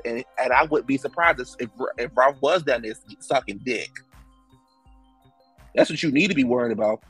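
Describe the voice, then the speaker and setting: Husky-voiced man ranting through a recap. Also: mid-range voice, fairly bright tone, soft background music. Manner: blunt, profane, ranting; drawn-out emphatic words. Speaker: TV recap host. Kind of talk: casual reality TV recap commentary.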